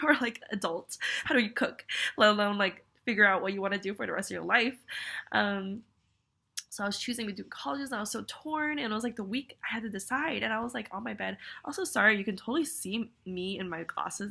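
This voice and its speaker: A young adult vlogger records a casual video message while congested and sniffly with a cold. Her medium-pitched voice is brisk and sharp with vocal fry, and she rambles in a self-deprecating way, full of fillers and apologies.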